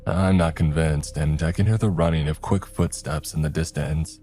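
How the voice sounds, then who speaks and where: A man telling a first-person horror story in a measured, scripted narration, voicing the characters himself. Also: rumbling low, steady tone, dark tone, soft background music.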